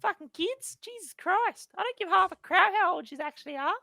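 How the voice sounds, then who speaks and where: A game master voicing a squeaky, grumpy character who grumbles crudely to itself, on a dry close mic. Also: lively intonation, fairly quick, creaky, sharp tone, dry recording, full character voice. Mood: grumbling.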